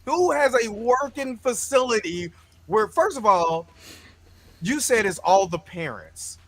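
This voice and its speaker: A man hosting a casual movie review chat, animated and joking, full of slang; he has a son. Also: high-pitched, a little slow, dry recording. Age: adult parent. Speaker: show host.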